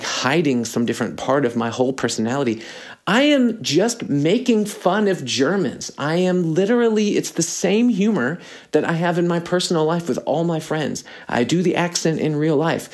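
Gravelly young man ranting, a bit sick. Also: mid-range voice, darkish tone. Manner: rambling, aggrieved, many fillers and restarts. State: slightly sick, throat clearing. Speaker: podcast host. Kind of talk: casual solo podcast rant.

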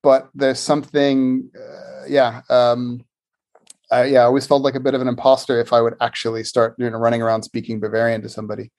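A man from the Philadelphia area speaks with a Philadelphia-area American accent, at a mid-range pitch for a man. He talks thoughtfully in casual conversation, circling his points with fillers and restarts. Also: little pitch movement, a little fast, a little mellow. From Philadelphia area, USA. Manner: reflective, many fillers and restarts.

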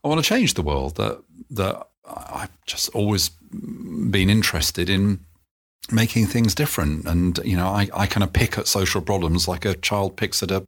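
A middle-aged man, an interview guest, telling stories about himself in a calm, self-effacing way, often stopping to restart. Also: low voice, moderate pace. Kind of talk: reflective conversational storytelling.

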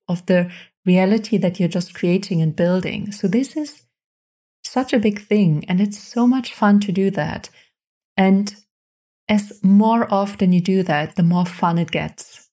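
A woman's voice: mid-range voice, mellow. A woman hosting a podcast, giving motivational self-help advice in an encouraging, repetitive way, speaking straight to the listener into a microphone. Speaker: podcast host. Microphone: studio microphone.

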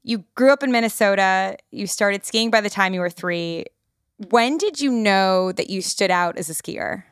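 A woman's voice: medium pitch, normal speed, smooth, no room sound, studio quality. A woman hosting an interview, asking curious, engaged questions of her guest. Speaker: interviewer, host.

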